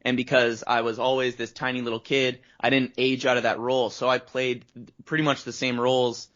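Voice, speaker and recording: A man from Canada tells rambling stories about his start as a voice actor, his voice sitting at an ordinary middle pitch. He slips into the voices of the people he quotes. The recording is dull and lo-fi. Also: level tone, fairly quick, a bit bright. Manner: rambling storyteller, acts out quotes. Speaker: guest voice actor. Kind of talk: casual interview chat. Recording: dull lo-fi audio.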